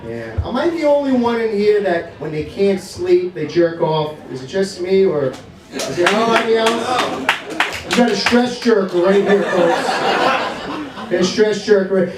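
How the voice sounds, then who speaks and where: A brash middle-aged stand-up comic, his high voice leaping all over as he swears and shouts his punchlines. He is caught from a distance in a very echoey bar room, with a crowd laughing clearly around him. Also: animated, unhurried, long pauses. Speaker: stand-up comedian. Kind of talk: stand-up comedy set. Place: comedy bar stage, live audience.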